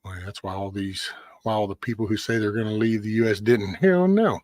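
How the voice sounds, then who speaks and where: A man's voice: on the low side, a little fast, a little mellow, no room sound. A man hosting a casual livestream, ranting bluntly with lots of swearing and answering viewers' chat by name. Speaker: livestream host.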